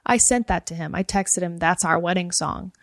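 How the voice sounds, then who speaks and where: A woman's voice: fairly low pitch, moderate pace, no room sound, clean studio sound. A woman guest in a casual chat, telling a story with lots of "like" and acting out what people said. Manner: animated storyteller, acts out quoted dialogue, fills with "like".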